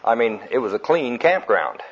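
A man's voice: medium pitch, sing-song, moderate pace, slight background noise. A man preaching a sermon in a folksy storytelling way, acting out quotes and laughing at his own jokes. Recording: dull lo-fi recording.

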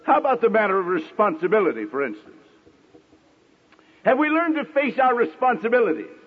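A middle-aged man preaching a sermon with dramatic pauses, now and then acting out the voices of the people in his stories. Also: high voice, sing-song, slightly rough, long reverb tail, phone-quality sound.

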